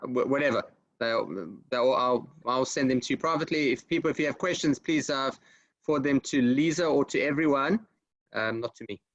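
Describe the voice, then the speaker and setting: Fast-talking male moderator who trips over his words. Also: medium pitch, highs cut off. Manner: hurried, stumbling over words. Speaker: session moderator.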